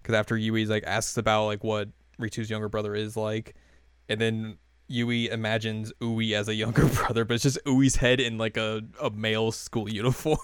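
A man casually recapping an anime episode in a loose, rambling way, with lots of fillers and quick quoted lines. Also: on the low side, flat delivery, clean tone, no echo, studio quality. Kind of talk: casual chat.

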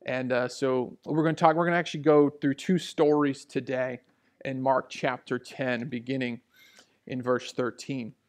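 A man preaching a sermon as pastor, talking casually at first and building to loud, emphatic peaks. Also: medium pitch, fairly even intonation, moderate pace.

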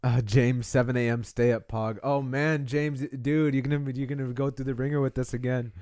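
A man's voice: mid-range voice, normal speed, no echo, studio quality. A man hosting a live streamed podcast in casual chat, loose and slangy, talking to a microphone. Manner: loose, animated, slangy, swears.

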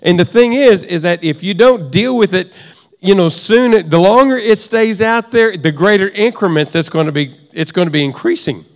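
A man's voice: high-pitched, normal speed, long reverb tail. A middle-aged man teaching a sermon in a conversational way, often repeating and restarting phrases. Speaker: preacher.

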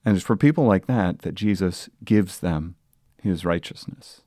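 A man's voice: low voice, unhurried, no echo, clean studio sound. Earnest male pastor preaching. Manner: earnest preaching, rising to loud sung quotes. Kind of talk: sermon.

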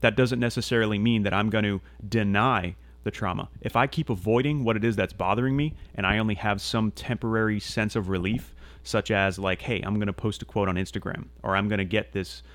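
Fairly low in pitch and a bit bright, this man talks briskly with hardly any pauses, no echo present. It's a casual podcast monologue, earnest and meandering, peppered with fillers, restarts, and casual cursing.

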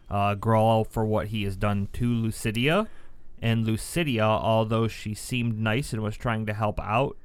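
A man taking part as a player in a tabletop role-playing game speaks in character. He talks slowly and deliberately, in a smooth, clear, fairly low voice. The sound is dry and close. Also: no echo.

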